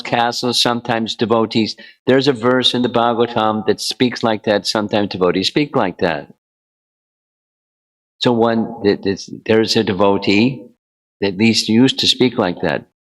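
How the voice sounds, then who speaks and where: A man giving a devotional lecture as a spiritual teacher, relaxed and bantering with his audience. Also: mid-range voice, normal speed, poor audio.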